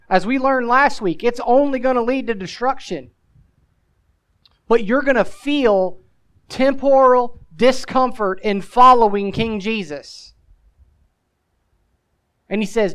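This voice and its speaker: A man's voice: very high voice, fairly bright tone, rough recording. A male pastor preaching a sermon. He mixes scripture with casual asides and presses the listener with emphatic rhetorical questions.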